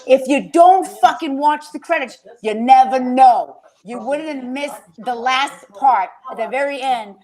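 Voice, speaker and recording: Woman podcast host, casual rambler, fairly high-pitched, curses often, wears her heart on her sleeve. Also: a little slow, hardly any pauses, a little mellow. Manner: chatty, swears freely, gets emotional telling stories. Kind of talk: casual chat.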